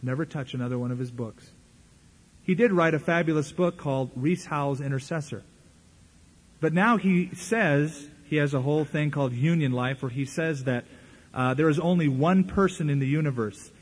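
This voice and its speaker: Husky male pastor with dry asides. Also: fairly high pitch, moderate pace. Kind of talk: sermon.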